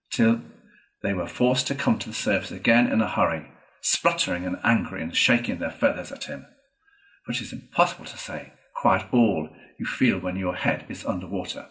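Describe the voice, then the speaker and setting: Male storyteller with a lowish voice, reading aloud at a steady, measured pace. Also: low-quality recording. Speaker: reader. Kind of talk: reading a children's classic aloud.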